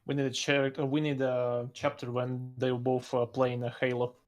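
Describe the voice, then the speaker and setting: A man speaks English at a medium pitch. His sentences come out in halting pieces, full of pauses and loose grammar. He sounds like a casual guest on a chat show. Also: completely flat delivery. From Russia. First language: Russian. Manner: halting, broken phrasing with frequent pauses. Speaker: podcast guest.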